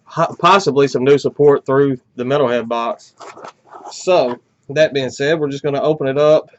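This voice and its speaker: A man's voice: mid-range voice, dull audio, slight background noise. Congested man rambling through an unboxing. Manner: rambling, many "uh" fillers. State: congested, a little out of breath. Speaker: metal music channel host. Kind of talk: casual unboxing chat. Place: at home.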